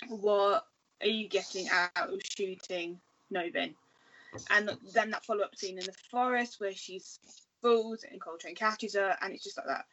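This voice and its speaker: Laughing woman, muffled, faint hiss. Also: mid-range voice. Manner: lively, laughing, exasperated. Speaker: podcast panelist. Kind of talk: casual chat. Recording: muffled audio with faint noise.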